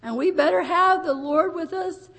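An older woman preaching to her congregation in a very high voice. She speaks with deep emotion, her sermon often edging into tears and laughter as she tells stories. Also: moderate pace, creaky, fairly bright tone. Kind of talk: pentecostal sermon.

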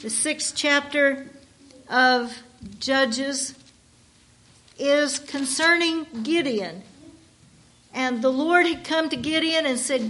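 A woman delivers a sermon in a high voice, taking her time. She leans hard on each phrase, stretching words out as she reads, and often restarts her sentences. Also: fairly bright tone. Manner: slow, emphatic reading with drawn-out words. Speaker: preacher.

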